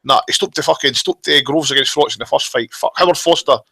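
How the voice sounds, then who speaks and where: A man's voice: fairly high pitch, creaky, sharp tone, no room sound. A man co-hosting a live boxing podcast, talking emphatically and swearing heavily. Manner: fast, heavy swearing, emphatic. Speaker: podcast co-host. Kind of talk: casual live podcast banter.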